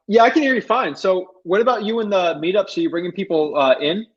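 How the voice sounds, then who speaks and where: A man's voice: sits high, quick pace, lo-fi sound. A male host talking casually on a live video call, answering viewer questions and dealing with connection trouble. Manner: casual, relaxed, apologetic about tech trouble.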